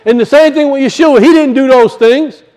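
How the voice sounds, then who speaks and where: High-voiced male pastor preaching. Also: moderate pace, dark tone. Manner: conversational preaching, acts out voices, drops low for asides. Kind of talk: sermon.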